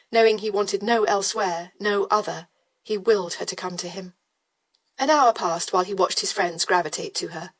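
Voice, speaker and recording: A woman narrates a historical romance audiobook. Her reading is even and measured, with a mid-range voice. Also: mid-range voice. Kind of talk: scripted narration.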